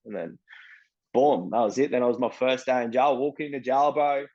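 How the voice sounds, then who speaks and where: A young Australian man telling his story as an interviewee, blunt and profane, full of street slang and animated retellings. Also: medium pitch, fast talker, highs cut off. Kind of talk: casual storytelling.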